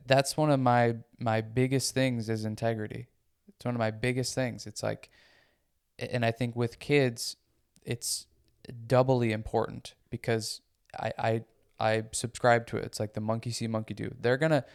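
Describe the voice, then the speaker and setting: A man co-hosts a relaxed podcast, speaking with a noticeably gravelly texture that still comes across smooth and resonant. He talks earnestly, repeating phrases to hammer a point home, at an everyday middle pitch. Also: normal speed. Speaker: podcast co-host. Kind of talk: casual conversational podcast chat.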